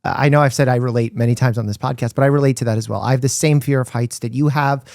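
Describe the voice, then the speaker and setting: Brief: male podcast host, mid-pitched, inquisitive, dry close-mic sound. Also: fairly even intonation, fast talker, vocal fry, a little mellow, dry recording. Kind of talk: podcast conversation. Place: recording studio.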